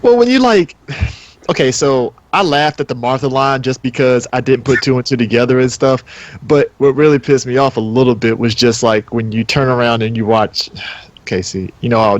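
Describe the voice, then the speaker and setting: A man's voice: medium pitch, brisk, highs cut off. A man arguing in a casual movie debate, rambling with restarts and acting out quoted lines. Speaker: debate panelist.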